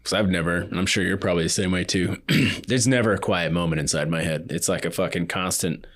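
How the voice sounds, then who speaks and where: Deep voiced dude, blunt, swears casually, podcast host chat. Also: male voice, fairly quick, a bit bright. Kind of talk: casual conversation.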